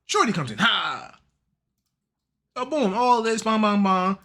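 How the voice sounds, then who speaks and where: A man hosting a casual manga and game recap, talking in an animated, slangy way and laughing often. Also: high voice, a little slow. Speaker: YouTube host.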